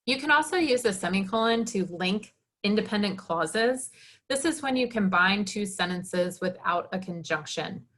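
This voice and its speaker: A woman's voice: medium pitch, normal speed. Woman lecturing steadily on writing rules. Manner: explanatory, steady with occasional fillers and self-corrections. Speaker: journalism instructor. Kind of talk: recorded lecture.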